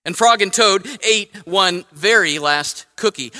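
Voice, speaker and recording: High bright pastor in a reverberant church. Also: male voice, moderate pace, hardly any pauses. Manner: conversational, self-correcting, asks "right?" often. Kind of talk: sermon with a read-aloud children's story. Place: church sanctuary. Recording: long hall reverb.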